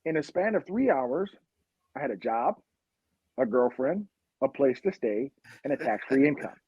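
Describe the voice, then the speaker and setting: A man's voice: mid-range voice, sing-song, moderate pace, a little mellow, breathy edge, no room sound, muffled recording. A man from Long Beach, a police officer guest on a podcast, telling street stories in a blunt, impassioned way. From Long Beach, California. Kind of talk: podcast interview storytelling.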